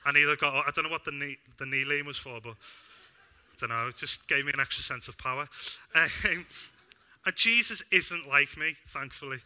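A young man preaching a sermon in a church, animated and self-deprecating with bits of humor. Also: medium pitch, clear, resonant tone. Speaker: pastor.

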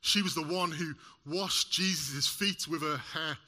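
A man preaching a sermon to a congregation in an animated way, using props and joking with the listeners. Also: a little high, measured pace. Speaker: lay preacher. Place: church service in front of a congregation.

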